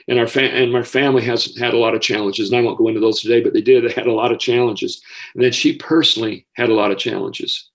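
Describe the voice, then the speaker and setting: A middle-aged man, a school counselor, telling a personal story in an earnest, emotional way with halting restarts. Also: mid-range voice, steady tone.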